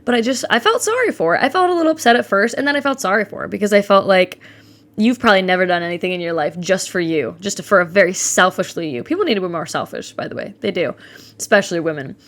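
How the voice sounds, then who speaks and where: A woman's voice: mid-range voice, expressive, quick pace, fairly bright tone. A woman in her twenties hosting a casual solo podcast, talking candidly and animatedly, swearing freely and mimicking the people she quotes. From Ohio. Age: 20s. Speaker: podcast host.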